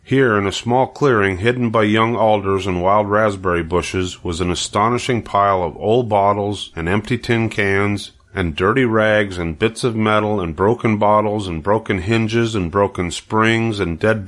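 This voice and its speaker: An older man reads a children's chapter book aloud at an even, gentle pace. His voice sits on the low side. The manner is that of a grandfather at bedside. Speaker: storyteller. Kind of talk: storybook reading aloud.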